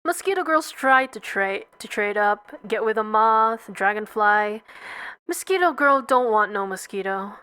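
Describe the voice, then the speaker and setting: A woman's voice: mid-range voice, lively intonation, measured pace, pushed and bright, smooth. Woman playing a brash streetwise mosquito guy. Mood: griping. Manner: streetwise, slangy. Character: brash cynical male mosquito.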